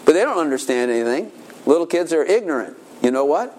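A man's voice: on the high side, very animated, fast talker, a little mellow. An older man giving an informal sermon as a pastor, telling rambling family stories and acting out children's voices.

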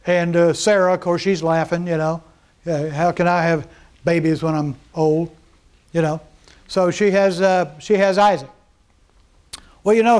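High-voiced preacher, conversational. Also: male voice, darkish tone. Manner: conversational preaching, asks the congregation questions; voices mockers and scripture in quick asides. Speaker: pastor. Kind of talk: sermon.

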